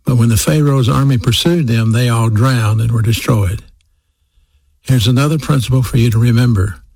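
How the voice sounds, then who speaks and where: A man's voice: medium pitch, normal speed, gravelly, darkish tone, breathy edge, dry recording. A man preaching a sermon, speaking straight to his listeners and repeating key phrases for emphasis. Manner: addresses listeners directly.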